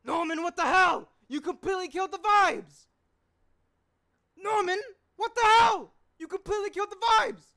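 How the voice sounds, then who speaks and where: A man putting on the high, strained shout of an exasperated young office guy, voice cracking as he yells. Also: normal speed, gravelly, heavily acted. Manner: squeaky, strained yelling with voice cracks.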